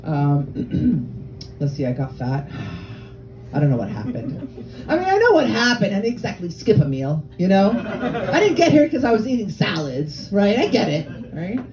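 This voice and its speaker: A woman's voice: medium pitch, huge pitch swings, moderate pace, background noise. A woman in her forties from Lebanon and Canada, doing a brash, profane, self-mocking stand-up comedy set on a comedy club stage. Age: 40s. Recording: live club crowd laughing.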